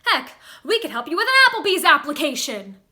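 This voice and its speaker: A pushy, bookish young man who talks fast and loud and bristles easily, as a woman acts him out. His voice sits high and bright. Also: very animated, exaggerated voice. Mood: indignant. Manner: pushy, then loudly indignant.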